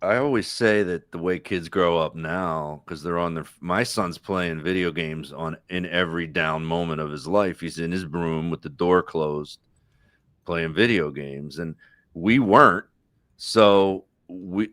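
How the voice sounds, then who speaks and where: Middle-aged male comic, deep dry voice, loose rambling storyteller. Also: a little slow, a bit bright, no echo. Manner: rambling joke-telling with restarts. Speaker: comedian guest. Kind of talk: casual chat on a live podcast.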